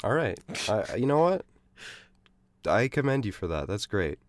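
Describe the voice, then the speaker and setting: A man's voice: on the low side, very animated, normal speed, no echo. A young man co-hosting a casual podcast, recapping a plot in a dry, matter-of-fact way. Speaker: podcast co-host. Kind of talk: casual chat.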